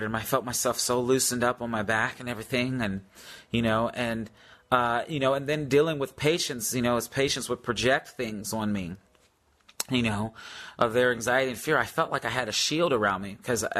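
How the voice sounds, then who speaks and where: A man's voice: mid-range voice, normal speed, fairly bright tone. A man ministering in prayer, sharing a testimony and making repeated healing declarations, with many fillers.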